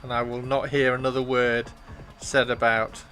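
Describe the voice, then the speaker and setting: A man's voice: medium pitch, flat delivery, moderate pace, fairly bright tone, soft background music. A man chatting enthusiastically on a casual livestream, often repeating himself. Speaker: livestream host.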